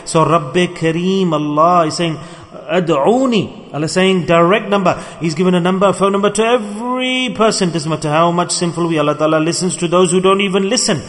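A man giving a sermon, telling a story in a conversational, animated way. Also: high voice, fast, hardly any pauses. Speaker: preacher. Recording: long hall reverb.

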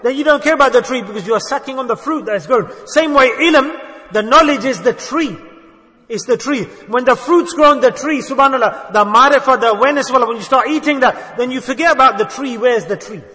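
A man's voice: very high voice, fairly quick, bright, forceful tone. A man preaching a sermon in an earnest way, often putting rhetorical questions to his listeners. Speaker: Islamic preacher. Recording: long hall reverb.

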